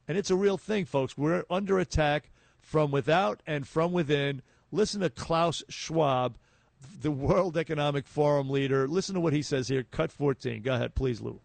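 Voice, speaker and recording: Male talk radio host, slightly high, gravelly, emphatic. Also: no echo. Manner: emphatic, often restarts with fillers.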